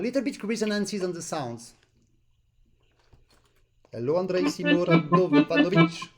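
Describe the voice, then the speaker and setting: A man's voice: sits high, animated, measured pace, pauses often, over music. A man with a French accent, a non-native English speaker, teaching a live online accordion master class and singing rhythms with syllables.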